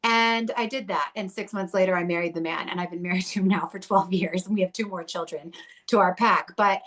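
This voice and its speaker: A woman's voice: on the low side, fairly even intonation, fairly quick, fairly bright tone. A woman speaking as a podcast guest, telling her recovery story in a blunt, fiery way full of swearing.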